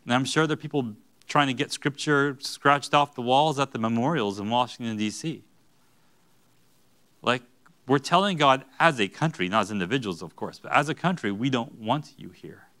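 A man's voice: medium pitch, normal speed, a bit bright. A man preaching an earnest sermon in a church, rising to emphatic bursts. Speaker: pastor.

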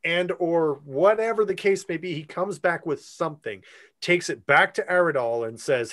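A man co-hosting a casual podcast, retelling a story in a lively way and laughing easily. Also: a little high, moderate pace. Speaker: podcast co-host. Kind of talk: casual chat.

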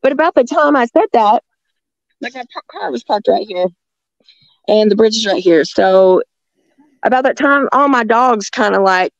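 A woman's voice: on the high side, moderate pace, pauses often, dry recording. A woman telling a story in casual, rambling talk, often restarting her sentences. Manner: rambling, with restarts and frequent laughs. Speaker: guest recounting encounters. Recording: dull lo-fi sound.

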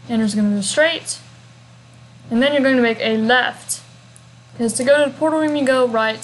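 A woman's voice: a little high, slight background noise, low-quality recording. A young woman chatting through a video game walkthrough, rambling casually and humming little fillers as she goes. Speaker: gameplay walkthrough narrator.

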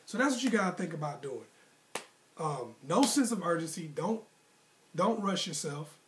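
A man's voice: on the high side, very animated, moderate pace, fairly bright tone, slight background noise. A man coaching single men on dating in a casual, emphatic, repetitive advice monologue with slangy phrasing. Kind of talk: direct-to-camera advice monologue.

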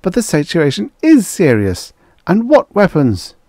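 A man voicing an excitable, panicky middle-aged prime minister of a space empire in an audiobook, blurting out his words in alarm. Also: measured pace, no room sound, studio quality, exaggerated voice. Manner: shrill, frantic, blurting.

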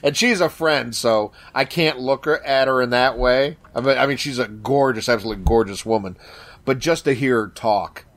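A male podcast co-host in loose, casual chat, going off track with crude jokes and restarts. His voice sits at a middle pitch. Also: moderate pace, fairly bright tone. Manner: rambling, crude, joking.

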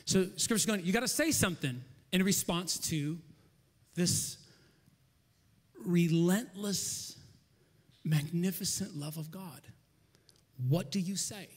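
Pastor guy preaching hard, kinda high voice, repeats stuff in rhythm, big echoey church hall. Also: slow pace, long pauses, slightly rough. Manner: impassioned preaching, swinging from loud emphasis to near-whispers; repeats phrases in rhythmic lists. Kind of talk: sermon. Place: church auditorium. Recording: long reverb of a large hall.

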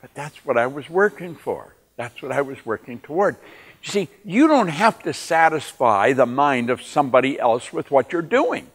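A man giving a motivational talk, telling personal stories and moving from quiet moments to emphatic ones. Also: a little high, moderate pace. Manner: animated, swings from quiet to emphatic. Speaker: motivational speaker. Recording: long reverb in a large hall.

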